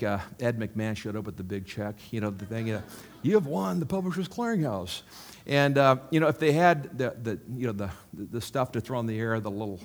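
A male pastor preaching in a loose, conversational storytelling style, rambling through anecdotes and checking in with his listeners. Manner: bursts louder on punchlines, drops low on asides.

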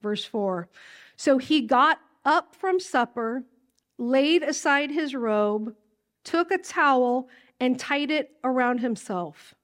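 A woman pastor teaching a sermon from scripture in a casual way, acting out lines in a livelier voice. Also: slow pace. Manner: casual, animated, acts out lines in a high voice.

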